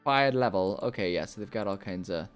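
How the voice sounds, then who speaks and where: Talking fast in a low voice, this male YouTuber gives relaxed let's-play commentary, reading out in-game text and rambling with plenty of filler words. Soft background music accompanies him.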